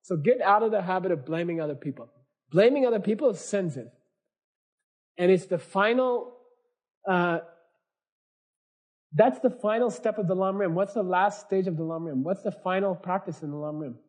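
Male dharma teacher, husky and warm, earnest lecturer who keeps checking his class understands. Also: sits high, moderate pace, long pauses. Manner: keeps checking in with "okay?" and rhetorical questions; earnest, repetitive explaining with everyday examples. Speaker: Buddhist teacher.

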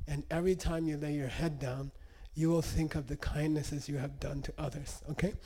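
Brief: casual male meditation teacher, mellow and slightly high voice, keeps asking "okay?". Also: fairly even intonation, moderate pace, husky. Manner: conversational, checks in with "okay?" and "you know". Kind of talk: storytelling lesson.

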